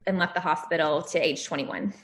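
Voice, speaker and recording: A woman's voice: sits low, steady tone, a little fast. A woman in her thirties, a former healthcare worker and podcast guest, talking candidly in casual chat and laughing often.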